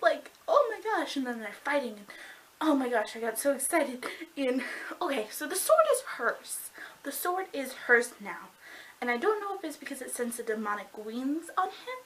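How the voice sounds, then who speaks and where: Bubbly, gushing young woman, bright voice. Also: sits high, moderate pace, low-quality recording. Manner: gushing and excitable, heavy use of "like". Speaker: book reviewer. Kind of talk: casual book review vlog.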